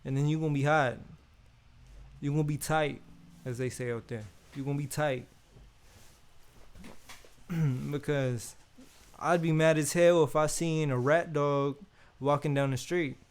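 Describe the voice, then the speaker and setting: A man's voice: on the high side, fairly even intonation, unhurried, pauses often, clear, resonant tone. Laid-back Bay man, slangy. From Oakland, California. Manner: laid-back, slangy, keeps repeating "you feel me". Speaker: unboxing host. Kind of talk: casual unboxing chat.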